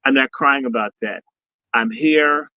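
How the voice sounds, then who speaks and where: A man's voice: medium pitch, a little slow, pushed and bright, no room sound. A man speaking as a guest on a live stream, mixing preachy blessings with profanity. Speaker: guest speaker and summit organizer. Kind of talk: casual live-stream talk. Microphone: video call. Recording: dull lo-fi stream audio.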